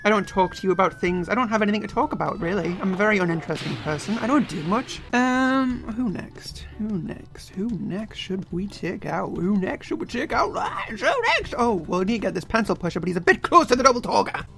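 A young man doing playful, self-mocking commentary on his own gameplay, often breaking into sudden yells. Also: high-pitched, lively intonation, brisk, vocal fry, few pauses. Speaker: let's play gamer. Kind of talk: game commentary. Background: game music.

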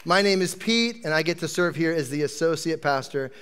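A man's voice: on the high side, animated, fairly quick, a bit bright, clean tone. A man who is an associate pastor, preaching a sermon in a chatty, joking way to a live congregation.

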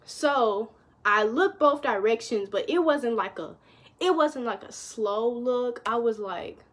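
A young woman tells a story to her viewers in a relaxed, unhurried way. Her voice sits a little high, and she keeps the telling chatty, turning to the audience again and again as she goes. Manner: chatty, addresses viewers as y'all, lively retelling. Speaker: vlogger. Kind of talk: casual storytime.

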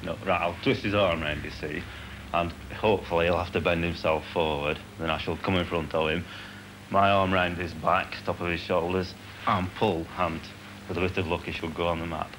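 A man's voice: deep voice, steady tone, moderate pace. A modest, hesitant man, an amateur wrestler, talking about his first fight. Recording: noisy 1980 TV documentary sound.

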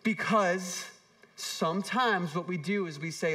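Man, pastor, sermon, high voice, bright tone, storytelling, acts out quoted voices. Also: a little slow, far from the mic. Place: church hall with an audience.

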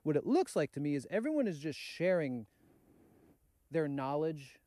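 A man's voice: a little high, very animated, moderate pace, warm tone, dry recording, clean studio sound. A young man with an East Coast accent co-hosting a casual podcast, thoughtful and wry as he lays out his views. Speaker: podcast co-host. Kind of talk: casual chat.

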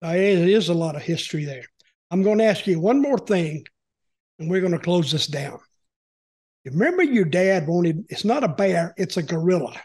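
A man hosting a relaxed interview, nudging his guest along by recalling stories himself. His voice runs high for a man. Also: normal speed, husky. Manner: prompting, retells stories for the guest. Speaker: podcast host. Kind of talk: casual interview chat.

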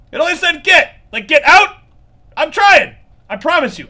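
A man's voice: very high-pitched, expressive, moderate pace, sharp tone. A man giving nervous, joking, profanity-laced commentary while playing a horror game. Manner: jumpy, swearing, nervous joking asides. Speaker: gaming channel host.

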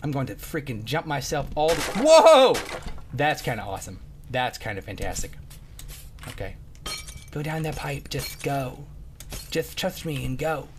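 Excitable male let's-play commentator, yelps and grumbles, very animated pitch. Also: moderate pace, long pauses, noisy background. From Mississippi. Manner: excitable, yelling and muttering at the game. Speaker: gameplay commentator.

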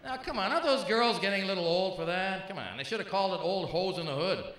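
A man's voice: sits high, lively intonation. Stand-up comic man in an echoey club. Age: 50s. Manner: punchy, teasing crowd work with quick jokes. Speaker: stand-up comedian. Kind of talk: stand-up comedy routine. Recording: live club, echoey with crowd noise. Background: audience laughter.

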